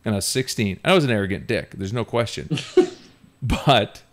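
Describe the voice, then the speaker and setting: Man, low voice, animated and self-mocking podcast storyteller. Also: moderate pace. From Ontario, Canada. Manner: animated, self-mocking, laughs often while telling. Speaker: podcast host. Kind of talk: casual storytelling.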